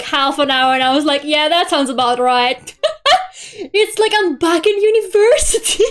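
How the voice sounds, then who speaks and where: Young woman streamer, high voice, grumbling, swearing, giggly, faint music behind. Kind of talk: casual chat while drawing.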